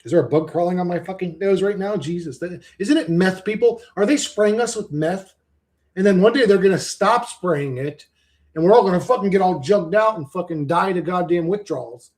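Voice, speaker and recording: A man on a livestream rants in a loose, meandering way, sardonic and heavy with profanity. His voice sits a touch higher than most men's. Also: brisk, darkish tone. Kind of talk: casual livestream rant.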